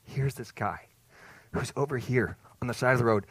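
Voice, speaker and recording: A man preaching a sermon as pastor, animated, swinging between quiet and loud. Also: medium pitch, moderate pace, breathy edge, dry recording.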